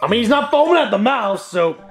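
A man's voice: extremely high pitch, very animated, a little fast, soft background music. A man voicing Bowser as a grumpy, scolding dad in a plush puppet skit. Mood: grumbling. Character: gruff grumpy Bowser, dad turtle king.

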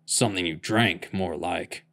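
A man reading aloud, voicing a gruff older man who grumbles orders at a teenager. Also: on the low side, steady tone, a little fast.

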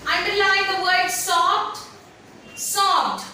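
A woman teaching a story lesson to students, patient and repetitive, pausing to have them underline words. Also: very high-pitched, pushed and bright, distant mic. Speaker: English teacher. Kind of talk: online class lesson explaining a story. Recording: very echoey room, away from mic, faint noise.

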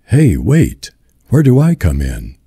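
A man doing steady young farmhand Tom. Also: on the low side, takes it slowly, slightly rough, no room sound, studio quality, voice pushed up, full character voice. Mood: protesting.

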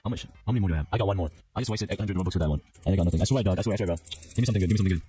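A man's voice: deep voice, racing, dark tone, breathy edge. A man giving casual gameplay commentary, exasperated, repeating his complaints and calling everyone bro. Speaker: gaming YouTuber.

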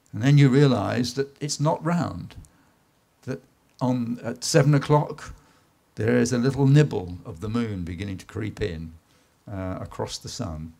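A man from England giving a live slide presentation at an art event, telling stories in an unhurried way with frequent "uh"s and some lines dropping to a soft voice. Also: mid-range voice, creaky. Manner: unhurried, anecdotal, with filler "uh"s and dips to a soft voice. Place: event space in a garden venue.

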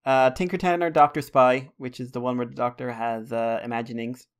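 A man's voice: mid-range voice, steady tone, brisk, clean tone. A man co-hosting a fan podcast in casual chat, teasing his co-host with mock insults and telling stories with gusto.

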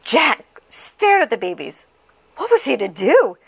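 Slow, expressive woman reading a picture book. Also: sits high, creaky, husky. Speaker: storybook reader. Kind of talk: children's picture book read-aloud.

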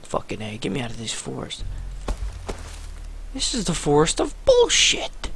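Male let's-play gamer, high-pitched and gravelly, profane trash-talk over a noisy recording. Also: wildly swooping pitch, moderate pace, sharp tone. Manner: profane, trash-talking, jittery. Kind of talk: horror game commentary.

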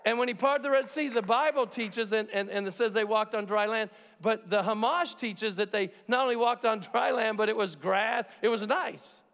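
High-voiced preacher in an echoing church. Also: male voice, normal speed, few pauses, fairly bright tone. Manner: emphatic and jokey, acts out quotes. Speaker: pastor. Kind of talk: sermon. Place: large church sanctuary. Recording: long reverb of a church hall.

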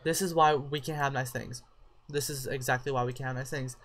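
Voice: medium pitch, fairly even intonation, brisk. A gameplay commentator giving casual let's-play commentary, sassy and profane, scolding the characters on screen.

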